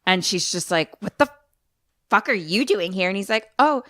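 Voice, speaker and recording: A woman's voice: medium pitch, normal speed, no room sound, studio quality. A young woman co-hosting a podcast, casually retelling a film's plot with profanity and quoted lines. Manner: profane, animated storytelling with quoted voices. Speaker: podcast co-host.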